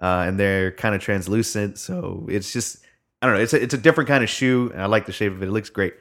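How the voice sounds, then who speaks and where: Young man, casual chat, lowish voice, rambling, swearing, lots of fillers. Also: quick pace, a bit bright. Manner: rambling storytelling, heavy swearing, frequent fillers.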